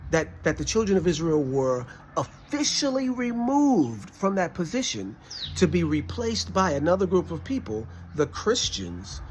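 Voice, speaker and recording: A man's voice: on the high side, slight background noise. A man telling a personal story in a casual way, emphatic, often acting out what people said. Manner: animated, emphatic, quotes others in conversation. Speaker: storyteller recounting a classroom experience.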